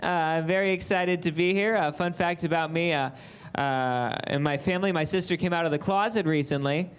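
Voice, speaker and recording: A man's voice: on the high side, a little fast, smooth. A man in his twenties from Phoenix doing stand-up, rowdy and profane, with lots of stammered fillers. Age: 20s. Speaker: stand-up comedian. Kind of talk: stand-up comedy set. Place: comedy stage with live audience.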